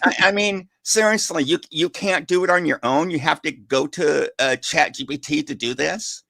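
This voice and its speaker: A man's voice: on the high side, normal speed, vocal fry, pushed and bright, no room sound. A man co-hosting a livestream, talking in sarcastic, mocking banter with stammering restarts. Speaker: co-host.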